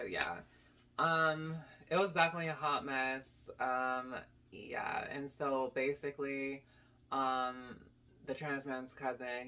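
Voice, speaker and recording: A young woman telling a casual storytime to her channel, animated and rambling with lots of "like" and "basically". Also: rumbling low. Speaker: YouTube storyteller.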